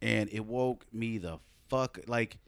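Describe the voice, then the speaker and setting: A man's voice: lowish voice, slow pace, vocal fry, smooth, no room sound. A man co-hosting a podcast, telling a long story in casual, profane chat with lots of fillers. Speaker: podcast co-host.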